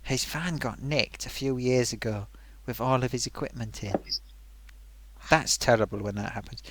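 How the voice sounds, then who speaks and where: A man's voice: mid-range voice, moderate pace, noisy background. A man hosting a live stream, chatting casually and rambling, laughing often. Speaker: livestream host.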